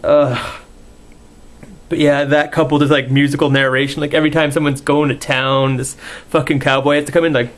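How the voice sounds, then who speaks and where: A man's voice: medium pitch, little pitch movement, a little fast. A young man giving a casual, rambling movie review, full of fillers and swearing, dismissive in tone.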